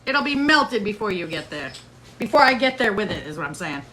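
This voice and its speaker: Bright, chatty woman hosting a livestream. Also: mid-range voice, sing-song, brisk. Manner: chatty and playful, reads out viewer comments. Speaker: livestream host. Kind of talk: casual livestream chat.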